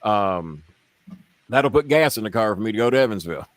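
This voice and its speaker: A man with a lowish voice hosts a live stream, rambling along and swearing freely as he haggles over a sale. The sound is dry and close, with no room around it. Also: lively intonation, fairly quick, dry recording. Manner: rambling, profane, bargaining with viewers. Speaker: show host. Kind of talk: casual live-stream chat.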